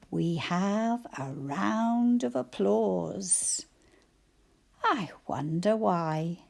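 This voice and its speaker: A woman teacher slowly sounding out letters and syllables for young children in a phonics lesson, praising them cheerfully. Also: mid-range voice, lively intonation, gravelly, a little mellow. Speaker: primary school teacher.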